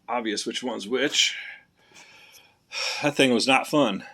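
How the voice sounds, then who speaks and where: A man at an ordinary middle pitch rambles plainly as he works on his car in a garage. He mutters to himself between points, filming on a handheld camera. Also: slow, sharp tone. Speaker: car hobbyist vlogger. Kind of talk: casual talk while working on a car.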